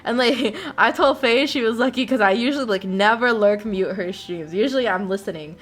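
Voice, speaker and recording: Giggly, high-voiced young woman streamer. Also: brisk, soft background music. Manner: giggly, rambling, excitable. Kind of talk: casual chat.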